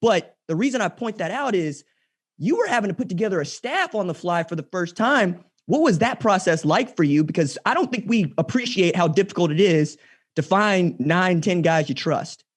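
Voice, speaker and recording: A man's voice: high-pitched, expressive, moderate pace, husky. A man hosting a sports podcast, giving long, winding setups before he asks the question. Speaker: podcast host. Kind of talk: interview questions.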